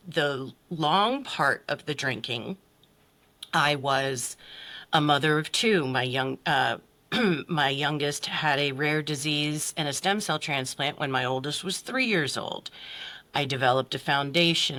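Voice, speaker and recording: A woman's voice: sits low, bright, forceful tone. A middle-aged woman, a podcast guest and life coach, telling her story bluntly with swearing and acted-out quotes. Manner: blunt, swears freely, acts out quotes with big voices. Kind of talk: candid personal story in conversation.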